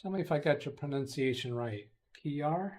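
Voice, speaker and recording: A man's voice: on the high side, lively intonation, moderate pace, darkish tone. A man hosting a casual live stream, rambling as he reads chat messages aloud and answers them. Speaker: host of a live tech stream.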